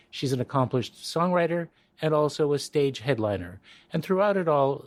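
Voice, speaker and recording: A man's voice: mid-range voice, dry recording. Enthusiastic man hosting an interview. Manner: enthusiastic, admiring. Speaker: host. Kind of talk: interview, scripted introduction.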